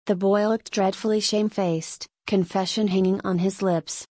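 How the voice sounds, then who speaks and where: A woman narrating a story as an audiobook in a measured storytelling way. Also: medium pitch, steady tone, darkish tone, no room sound.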